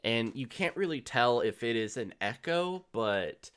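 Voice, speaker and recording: A man narrating as game master for a tabletop role-playing game, relaxed and descriptive. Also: medium pitch, a little slow, clean tone. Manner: relaxed, descriptive, laughs easily.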